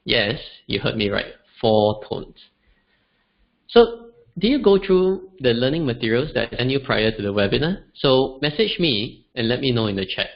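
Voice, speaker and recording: Lively man teaching online. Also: mid-range voice, moderate pace, creaky. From Singapore. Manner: lively, demonstrates tones aloud. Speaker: language teacher. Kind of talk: online webinar lesson. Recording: dull lo-fi webinar audio.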